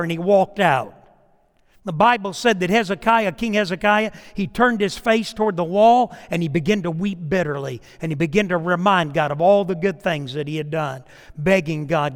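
A middle-aged man preaches from the pulpit in a high voice. He moves between storytelling and direct address, acting out the dialogue in his stories. His words carry with a long reverberation through the sanctuary. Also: moderate pace. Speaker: pastor. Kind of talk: sermon.

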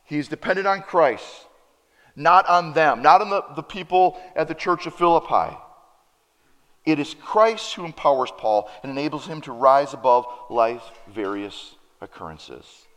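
A man preaching a sermon in a reverberant hall, his voice somewhat high and swinging widely in pitch. He acts out the lines of the people in his story with animated, shifting delivery. The sound carries a long echo. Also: measured pace. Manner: animated storyteller acting out dialogue. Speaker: pastor.

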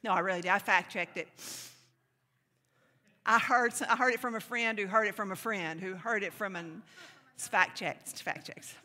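A woman preaching a sermon in an animated, emphatic way, slipping into playful mock voices to make her points. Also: medium pitch, normal speed, long pauses, long reverb tail.

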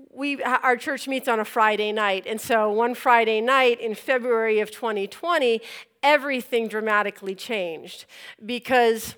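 A woman preaches a testimony with a high, sharp voice. She tells it in an animated way, acting out each scene and laughing between lines. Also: smooth. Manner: animated storytelling, acts out scenes. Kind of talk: testimony sermon.

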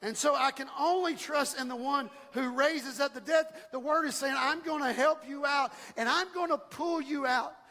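High-voiced preacher shouting in a reverberant hall. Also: male voice, moderate pace, hardly any pauses. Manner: impassioned, rising to shouts; calls for congregation responses. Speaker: pastor. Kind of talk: sermon.

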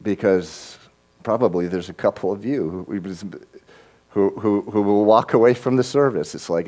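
Earnest, halting male pastor preaching. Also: on the low side, a little mellow. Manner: earnest, halting, repeats words when starting sentences. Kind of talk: sermon.

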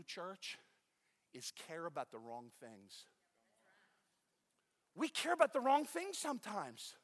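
Middle-aged male pastor, conversational sermon that swells to shouting, bright sharp tone, long hall echo. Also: sits high. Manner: conversational preaching that builds to shouting. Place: church. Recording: echoey church hall.

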